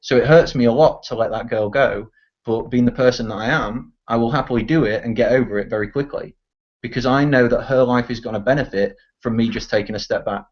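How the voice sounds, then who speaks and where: A teenage boy talks in a mid-range voice at a fairly quick clip, ranting bluntly and swearing a lot during a casual online voice chat. He's a participant in the discussion, and the chat audio sounds dull and lo-fi.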